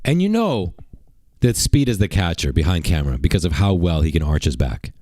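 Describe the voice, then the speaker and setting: A man's voice: deep voice, big pitch swings, brisk, a little mellow, no room sound. A man doing mocking livestream reaction commentary, rambling and sarcastic, repeating rhetorical questions.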